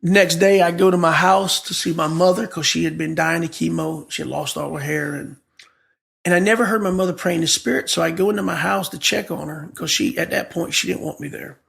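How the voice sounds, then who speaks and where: A man's voice: fairly high pitch, fairly quick, creaky, a bit bright. A pastor, a man, telling his life story with feeling and acting out the dialogue as he goes. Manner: vivid storyteller who acts out the dialogue. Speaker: guest pastor. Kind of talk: emotional personal storytelling.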